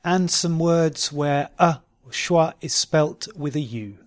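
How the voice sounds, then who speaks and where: A man teaching pronunciation, reading word lists slowly and clearly for learners to repeat. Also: fairly high pitch, no room sound. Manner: slow, deliberate, isolated words for repetition. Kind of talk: slow word-list drill.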